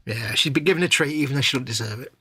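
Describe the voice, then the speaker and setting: A man's voice: medium pitch, rapid-fire, bright, forceful tone. A man co-hosting a casual chat, with easygoing and teasing banter. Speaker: co-host.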